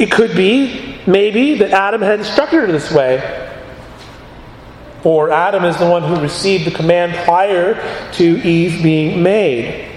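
A man preaching an expository sermon, teaching in an earnest, measured way with emphatic pauses. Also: high-pitched, reverberant, long reverb tail, a little hiss or hum, rough recording.

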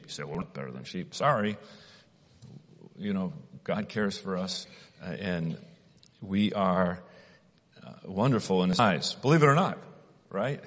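A man preaching a sermon at an unhurried, deliberate pace, with some restarts. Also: low voice, long reverb tail.

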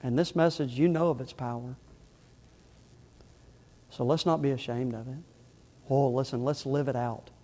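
A middle-aged male pastor preaching a sermon in church, impassioned, rising loud and falling soft. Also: medium pitch, fairly even intonation, moderate pace, pauses often, big-room sound. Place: church sanctuary.

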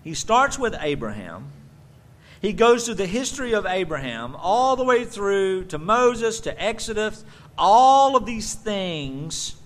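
Animated male preacher with a higher voice. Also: measured pace. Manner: animated, swinging from loud emphatic bursts to quiet asides. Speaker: pastor. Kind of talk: sermon.

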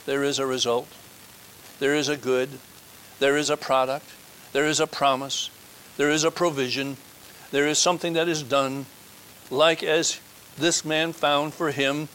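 A male preacher delivers a communion sermon in a church, his voice sitting a little high for a man. He hammers home his points with repeated phrases and swells into earnest exhortation, with a faint hiss behind him. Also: little pitch movement, unhurried, long pauses, a bit bright, poor audio. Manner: emphatic, repeats key phrases; builds to fervent exhortation.

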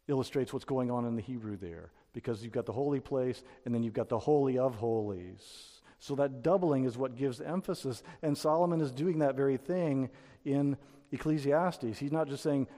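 A man's voice: medium pitch, mellow. A man teaching a Bible lesson in sermon style, explaining step by step with frequent restarts. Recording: long reverb of a hall.

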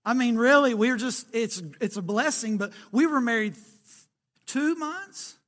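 A man's voice: very high-pitched, unhurried, fairly bright tone. A man, preaching a sermon in a folksy storytelling way, swelling and dropping for emphasis. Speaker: pastor.

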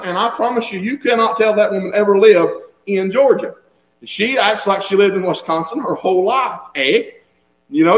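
A man's voice: high voice, a bit bright, echoey room, low-quality recording. A man preaching a conversational sermon to a church, folksy, chuckling as he talks and repeating words. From Southern United States. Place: church sanctuary.

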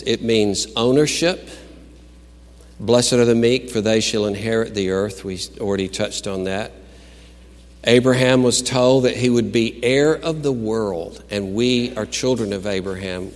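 A male pastor preaches at an unhurried pace, his words ringing out in a large, echoing hall. He climbs to loud, exclaimed declarations and then drops to quiet, musing retellings of film scenes. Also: fairly low pitch. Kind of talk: sermon.

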